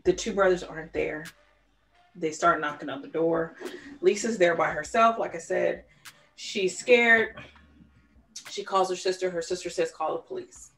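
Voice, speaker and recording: A woman with a fairly low voice, co-hosting a casual true-crime podcast. She retells events in an animated, storytelling way, acting out the people in the story as she goes. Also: measured pace, pauses often, soft background music. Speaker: podcast co-host.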